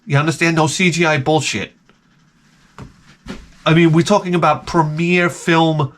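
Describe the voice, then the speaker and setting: Male vlogger with a slightly high, lively voice; rambling, profane and animated. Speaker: vlogger and father. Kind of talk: casual ranting monologue.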